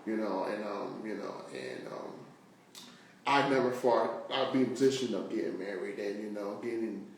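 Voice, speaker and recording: Rambling male host in a booming room. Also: normal speed, creaky. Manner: emotional, rambling, full of fillers. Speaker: show host. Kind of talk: casual interview chat. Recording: very echoey room, voice far from mic.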